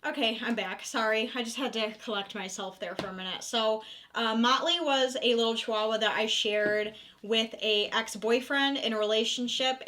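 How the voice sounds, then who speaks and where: A young woman talks straight to camera in a relaxed Q&A vlog. She is candid and open, and swears now and then. Her voice sits a little high and sounds bright and forward. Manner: candid, emotional, sometimes swearing. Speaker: vlogger. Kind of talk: casual Q&A chat to camera.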